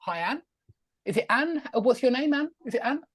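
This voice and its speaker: A man's voice: very high-pitched, lively intonation, brisk, breathy edge, no room sound, clean studio sound. A man teaching an online English class over a video call, friendly and chatty, asking his students questions.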